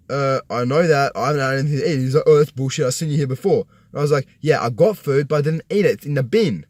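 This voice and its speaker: Young man, higher voice, dry close sound, rambling swearing rant from his parked car. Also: a little mellow, no echo. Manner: rambling, profane storytelling with many restarts. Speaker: vlogger. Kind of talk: casual personal rant.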